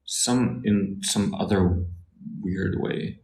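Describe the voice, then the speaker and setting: Man, low gravelly voice, unhurried, easygoing tutor explaining things. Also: roomy sound, poor audio. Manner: thinks aloud with fillers and restarts, relaxed explaining. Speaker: Russian tutor answering viewer questions. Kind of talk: casual Q&A livestream.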